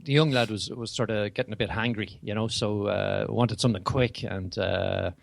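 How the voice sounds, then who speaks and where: A man's voice: on the low side, steady tone, normal speed, vocal fry, no echo. A man co-hosting a casual podcast, telling anecdotes in a chatty, rambling way. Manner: chatty storyteller with many restarts. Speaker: podcast co-host. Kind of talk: casual chat.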